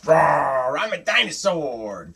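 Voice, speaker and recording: A man voicing a small boy pretending to be a dinosaur, roaring in a high, playful, shouty voice. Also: very animated, slow, gravelly, slightly rough, heavily acted.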